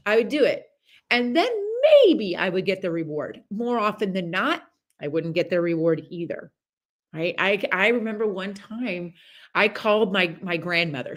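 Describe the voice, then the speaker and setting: With a mid-range voice, this woman hosts a podcast, rambling through a chatty motivational monologue peppered with fillers and animated stories.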